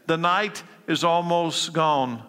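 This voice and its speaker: A male pastor preaching with urgent emphasis, his fairly high, bright voice dropping low and quiet on key lines. The sound rings with the long reverb of a large church hall. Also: takes it slowly, clear, resonant tone. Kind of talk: sermon.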